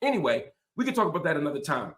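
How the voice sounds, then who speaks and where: A man's voice: a little high, very animated, racing, a bit bright, reverberant. A man hosting a show, delivering an impassioned, emphatic political commentary monologue. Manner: impassioned, emphatic, repetitive rhetorical. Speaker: host.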